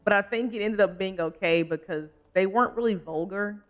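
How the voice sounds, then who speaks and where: Over faint background music, a young adult livestreamer talks briskly in a medium-pitched voice while playing a game. Their casual commentary drifts from one topic to another, with frequent laughs and stops to reply to chat.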